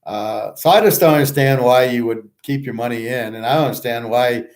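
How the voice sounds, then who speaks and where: A man with a medium-pitched voice, talking a little fast, hosts a show and works as a handicapper. His casual monologue is a blunt, scoffing rant full of swearing, with rambling and restarted sentences.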